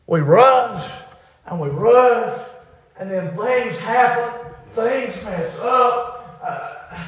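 A man preaching a sermon, fervent, rising to shouts and dropping to hushed asides. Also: high-pitched, animated, drawn-out words, roomy sound.

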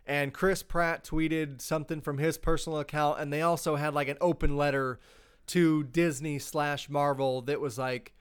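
Chatty podcast host with a smooth voice. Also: male voice, a little high, steady tone, moderate pace. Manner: chatty, rambling with fillers. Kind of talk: casual chat.

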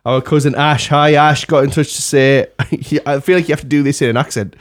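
A man's voice: a little high, flat delivery, normal speed. A man hosting a casual podcast, reading out listener messages and laughing often. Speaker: podcast host.

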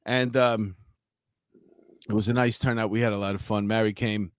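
A man's voice: fairly low pitch, moderate pace, smooth, no echo. A man, a former police officer co-hosting a casual chat and telling stories with laughs. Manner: animated storyteller, laughs through his anecdotes.

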